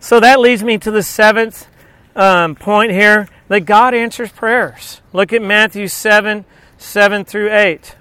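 Guy preaching with a high voice, dry close sound, tells stories and quizzes the crowd. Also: fairly even intonation, unhurried, pushed and bright, clean tone, no echo. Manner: storytelling, asks the audience questions. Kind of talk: sermon.

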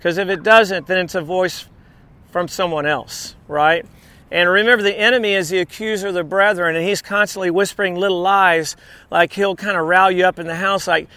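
Man, pastor, conversational sermon, asides, high pitch, crisp bright tone. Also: fairly even intonation, a little fast. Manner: conversational preaching with asides and restarts.

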